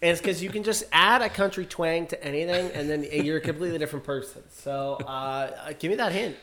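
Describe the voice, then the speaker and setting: A man co-hosting a casual podcast, guessing songs, animated and incredulous, laughing often. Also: on the high side, fairly quick. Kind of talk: casual chat. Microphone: headphones and microphone.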